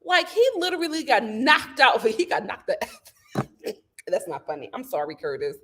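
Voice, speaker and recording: A woman with a bright, high voice that leaps all over the place as she recaps a reality show. She tells the scenes dramatically, chats casually with her viewers and acts out what the people on screen said. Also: moderate pace, breathy edge. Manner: animated, dramatic retelling with gasps and playful acted-out quotes. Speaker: host of a reality TV review show. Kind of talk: casual recap to a live audience.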